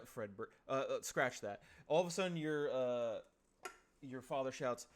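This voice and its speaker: A man's voice: medium pitch, moderate pace. A man streaming from home, improvising a comedic role-play scene in a casual, playful, profane way.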